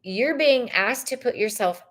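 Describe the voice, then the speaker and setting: Slow-talking woman reading tarot live. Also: on the high side, animated, a bit bright. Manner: casual, swears freely, reads chat questions aloud. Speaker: tarot reader.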